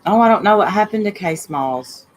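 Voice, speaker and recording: A woman's voice: medium pitch, animated, moderate pace, rough recording. Woman, livestream host, chatty, blunt, heated, reads viewer names. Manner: chatty, greets viewers by name, blunt and fired up. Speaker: livestream host reading chat. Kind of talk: casual livestream chat.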